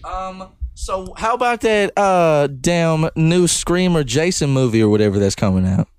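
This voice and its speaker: A man's voice: fairly high pitch, animated, a little slow. A man co-hosting a comedy podcast, rambling with lots of fillers and casual swearing. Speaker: podcast co-host.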